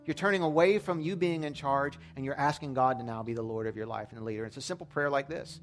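A man with a mid-range voice talks fast with few pauses while faint music plays in the background. He's a pastor preaching a sermon, telling stories in a relaxed, conversational way with a touch of humor.

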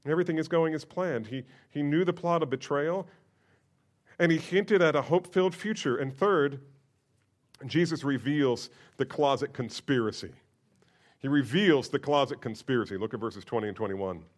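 A man preaching a sermon, expressive and emphatic, moving from quiet explanation to loud, impassioned emphasis. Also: fairly high pitch, moderate pace. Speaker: pastor.

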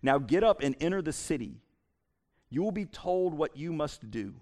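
A preacher giving a solemn heavenly voice, dropped low and quiet, with a gravelly edge. Read out during a sermon. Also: male voice, very animated, normal speed. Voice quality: lowered, quiet. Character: solemn divine male voice from heaven. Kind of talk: scripture reading in a sermon.

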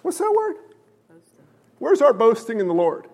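A man preaching a sermon as pastor, an animated storyteller who jokes with the congregation. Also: very high voice, unhurried, in a large hall.

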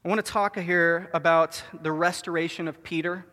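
A man preaching a sermon to his church, earnest, stretching stressed words and dropping to a hush for his gravest lines. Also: fairly high pitch, steady tone, normal speed. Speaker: pastor. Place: church sanctuary. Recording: long hall reverb.

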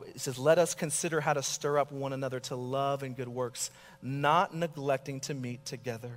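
A man's voice: mid-range voice, fairly bright tone, long reverb tail. A middle-aged man preaching a sermon, earnest and exhorting, telling a story from his own life. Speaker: pastor.

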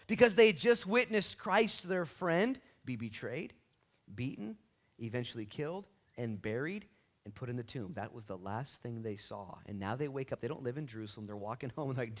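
A man pastor teaching a sermon Bible study in a church, animated and casual, with slangy jokes and asides. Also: medium pitch, normal speed.

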